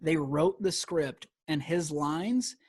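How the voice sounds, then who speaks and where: A man's voice: on the high side, slow pace, darkish tone, husky, dry recording, studio quality. A man who is a comedian guest on a podcast, chatting casually and animatedly and laughing often.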